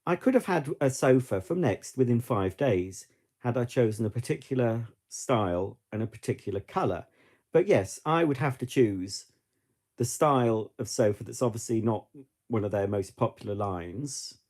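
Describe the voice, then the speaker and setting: A man's voice: medium pitch, expressive, normal speed, a little mellow. A middle-aged British man chatting casually to camera in a rambling way, with frequent restarts and asides. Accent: British English. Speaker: vlogger.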